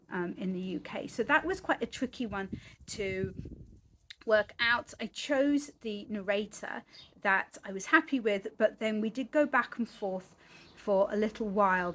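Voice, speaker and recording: A British woman talking straight to camera in a relaxed vlog. Her voice sits at a middle pitch, and she chats along politely with plenty of ums. She often stops to correct herself mid-sentence. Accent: British English. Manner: chatty, many ums and self-corrections, polite and understated. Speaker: author vlogger. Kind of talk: casual talking-head vlog.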